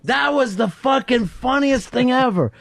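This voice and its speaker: A man with a high voice hosts a talk radio show, spinning a long story full of swearing and laughing along as he goes. The sound is close and dry, with almost no room, from a studio microphone. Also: animated, a little slow, creaky, no room sound. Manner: profane, laughs through his own story.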